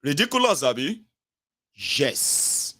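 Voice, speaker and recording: Nigerian man, political vlog rant, sarcastic and mocking, fairly high voice. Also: sing-song, takes it slowly, sharp tone, husky. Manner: sarcastic, mocking rant mixing Pidgin and Yoruba. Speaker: political commentator.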